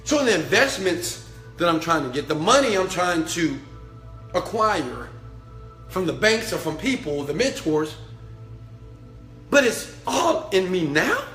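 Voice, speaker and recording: A man giving a blunt, profane motivational talk, preaching to an online audience and swinging from low murmurs up to shouted chants. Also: very animated, measured pace, long pauses. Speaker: motivational speaker and mentor. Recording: echoey room with faint music.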